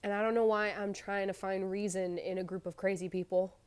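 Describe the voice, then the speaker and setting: A young woman talks through a show in casual reaction commentary, her voice sitting at an ordinary middle pitch. She is chatty and thinks out loud, tossing out rhetorical questions and musing as she goes. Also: level tone, fairly quick, clean tone. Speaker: reaction video creator.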